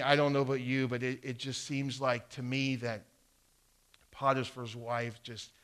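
A man's voice: mid-range voice, a bit bright. A man preaching a sermon, reading scripture aloud and repeating phrases for emphasis, with his volume swelling and dropping. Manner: volume rising and falling for emphasis.

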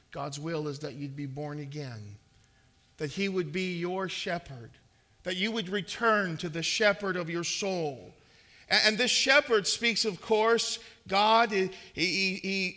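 High, bright-voiced earnest male preacher. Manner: earnest preaching with swelling emphasis and repeated words. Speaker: pastor. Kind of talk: sermon.

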